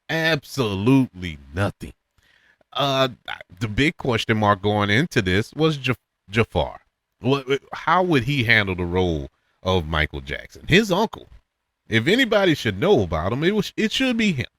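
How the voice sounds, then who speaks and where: A man hosting a casual spoken movie review, animated and chuckling often, his voice jumping up high to make a point. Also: no echo. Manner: animated, laughs often, pitch jumps up high for emphasis. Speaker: podcast host reviewing films.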